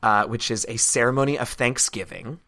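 A man narrating a tabletop game as game master, telling the story in a relaxed way with frequent "uh" fillers. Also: mid-range voice, normal speed.

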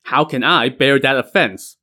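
A man's voice: medium pitch, a little slow, sharp tone. A man voicing a loyal general who pleads and argues urgently, in a told story. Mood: pleading. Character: loyal, pleading male general, a sworn brother.

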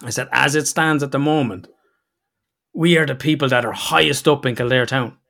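A man's voice: medium pitch, moderate pace, creaky, bright, forceful tone. An Irish man in his thirties hosting a podcast, chatting casually and acting out quotes as he rambles through stories. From Ireland. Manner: rambling, with restarts and acted-out quotes. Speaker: podcast host. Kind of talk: casual chat.

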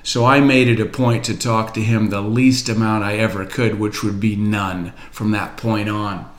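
A man's voice: lowish voice, level tone, normal speed, roomy sound. A man coaching business owners in a motivational talk, blunt and emphatic, repeating his key points.

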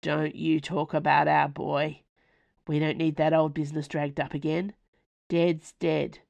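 A woman's voice: low-pitched, flat delivery, unhurried, creaky, darkish tone, no echo, dull audio. A woman voicing a bitter, furious working-class woman who is scornful and hostile in a storybook reading. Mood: angry, scornful.

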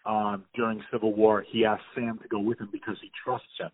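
A man's voice: on the low side, flat delivery, a little fast, no echo. A man in casual talk about a movie, enthusiastic and rambling, with many fillers and restarts. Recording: tinny phone-like audio.

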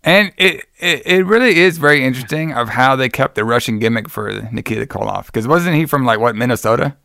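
Man, podcast co-host, crisp bright tone, blunt, swears casually. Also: mid-range voice, expressive, brisk, no room sound, clean studio sound. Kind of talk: casual chat.

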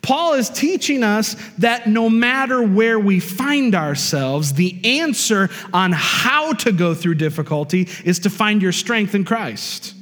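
A man preaching in a church sanctuary, his voice high and carrying, pressing his points with rising emphasis and frequent calls of amen. The sound hangs in the long reverb of a large hall. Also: expressive, slow pace, hardly any pauses, a bit bright. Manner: emphatic preacher with call-and-response asides. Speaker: pastor. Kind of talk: sermon.

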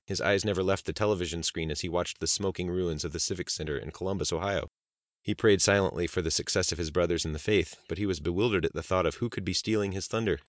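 A man narrates a suspense novel in a deep, low voice. His delivery is steady and measured. The recording is dry and close, with no room sound. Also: no echo. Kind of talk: scripted audiobook narration.

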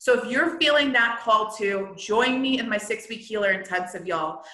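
Bright, excited woman podcast host. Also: mid-range voice, normal speed. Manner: excited, blunt, swears freely. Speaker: podcast host and healer business coach. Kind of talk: casual podcast monologue. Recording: roomy echo.

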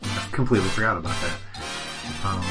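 A man's voice: sits low, normal speed, over music. A man co-hosting a podcast in casual chat, joking and laughing often. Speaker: podcast co-host.

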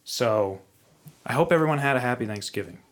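A man's voice: medium pitch, expressive, a little fast. A man hosting a casual podcast, laid-back and crude, with frequent laughs and restarts. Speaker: podcast host.

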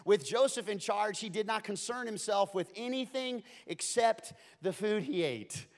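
A man's voice: high voice, lively intonation, a little slow. A man preaching a sermon in a conversational, joking style that swings between playful asides and earnest points. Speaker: pastor.

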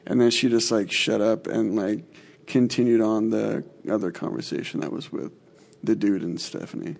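A man's voice: fairly low pitch, fairly even intonation, moderate pace, creaky, a little mellow. A young man co-hosting a casual podcast, laid-back, often chiming in to finish his partner's stories. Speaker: podcast co-host. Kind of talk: casual chat.

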